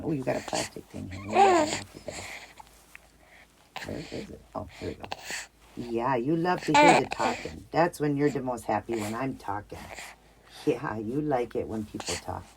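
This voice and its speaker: Middle-aged female vlogger, gravelly voice, cooing chatty delivery, noisy home recording. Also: rumbling low. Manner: soft cooing baby talk mixed with chatty asides to viewers. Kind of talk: casual show-and-tell vlog.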